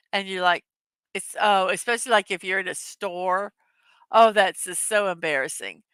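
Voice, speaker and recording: A woman's voice: medium pitch, moderate pace, a bit bright, smooth, no echo. A middle-aged woman hosting a casual morning show, chatting and laughing often as she reads out jokes. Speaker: host of a daily morning show. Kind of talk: casual chat reading memes to a live audience.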